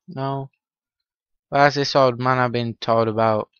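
A man's voice: mid-range voice, steady tone, takes it slowly, fairly bright tone, clean tone, no room sound, dull audio. A man giving casual commentary while playing a game, muttering to himself and teasing the characters on screen, with rising irritation. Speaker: gaming channel host. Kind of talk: Minecraft let's-play commentary.

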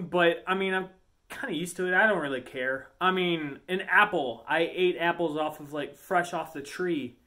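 A man's voice: a little high, sharp tone. A man hosting his cooking vlog, chatty and goofy, rambling as he cooks. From Lower Peninsula of Michigan. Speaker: cooking channel host.

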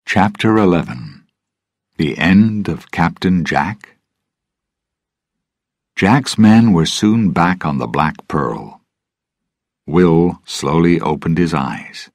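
A man narrating a story slowly and deliberately for English learners. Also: deep voice, lively intonation, darkish tone, no room sound. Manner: clear, deliberate. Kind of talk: slow scripted story reading for English learners.

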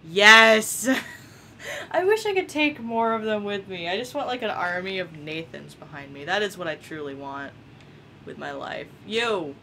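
A young woman casually commenting on a game she is playing, excitable and giggly, swearing often. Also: fairly low pitch, slight background noise. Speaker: gameplay commentator. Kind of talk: casual let's-play commentary.

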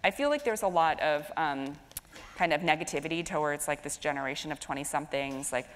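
A woman in her thirties hosting a stage conversation, talking in a lively, filler-heavy, storytelling way. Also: deep voice, brisk. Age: 30s. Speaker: host moderating a stage conversation. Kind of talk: chatty onstage conversation. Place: stage of a live event in a hall. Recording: echoey hall with faint noise.

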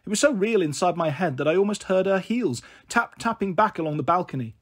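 A man reading a children's novel aloud as narrator, in a plain, steady storytelling manner. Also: high-pitched, fairly quick, husky.

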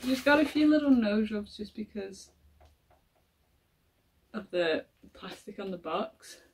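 A woman gushing excitedly through an unboxing vlog, gasping and giggling as she talks. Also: mid-range voice, slow pace, breathy edge. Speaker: collector unboxing a model horse. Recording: voice a little far from the mic.

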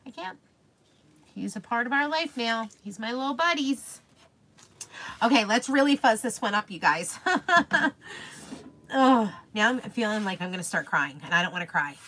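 Bright-voiced young woman, casual craft-stream host, effusive and chatty with viewers. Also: on the high side, animated, moderate pace. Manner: gushing, talks to viewers by name.

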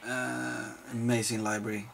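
Slow, gravelly, sleep-deprived man. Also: medium pitch, little pitch movement, a bit bright, slight background noise. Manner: swears freely, rambles and jokes. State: tired from lack of sleep. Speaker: video host answering viewer questions. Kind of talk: casual rambling chat.

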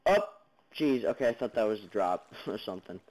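A fairly low, slightly mellow male voice, expressive and a little fast, belongs to a gaming channel host doing let's-play commentary on a block-building game. He's jumpy, with chatter aimed at monsters and viewers and sudden yelps. The recording is low quality, made on a basic computer mic without headphones.

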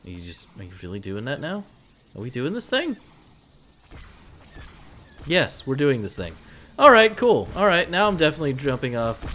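A man doing let's play commentary, excitable and swearing often as he talks back to the game. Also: medium pitch, normal speed, pauses often. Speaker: gameplay commentator. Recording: game music underneath.

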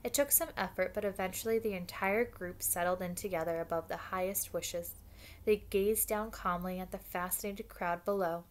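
A woman's voice: medium pitch, fairly even intonation, normal speed, a little hiss or hum. A woman reading a children's book aloud at home, with casual asides. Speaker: reader.

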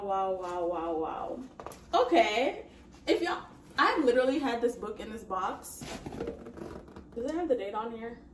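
A woman's voice: on the high side, slight background noise. Chatty woman, echoey room, distant mic. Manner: chatty, exclamatory, addresses viewers as y'all. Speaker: vlogger hosting an unboxing. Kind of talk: casual chat to viewers. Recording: roomy echo, mic at a distance.

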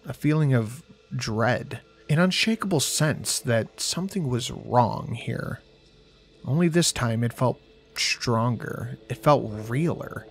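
A man narrating a horror story in the first person, with a wry storytelling manner. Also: mid-range voice. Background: faint music.

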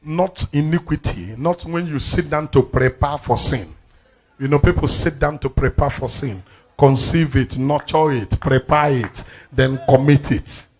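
A man's voice: a little high, unhurried, husky. A man preaching a sermon to a congregation, emphatic and repetitive, often asking the crowd questions. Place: church service before a congregation.

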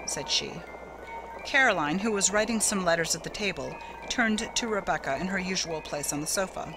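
A woman narrating a classic ghost story in a measured, steady way. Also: fairly low pitch, music in the background, low-quality recording.

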